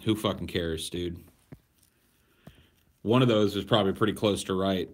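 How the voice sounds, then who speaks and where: A man in his thirties, a podcast host, answering viewer questions in blunt, profane, deadpan casual chat. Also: low-pitched, moderate pace. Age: 30s.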